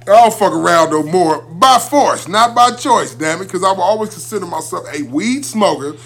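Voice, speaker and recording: A man's voice: sits high, animated, moderate pace, a bit bright. A middle-aged man co-hosting a casual podcast chat, profane and joking in a drawling way. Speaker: podcast co-host.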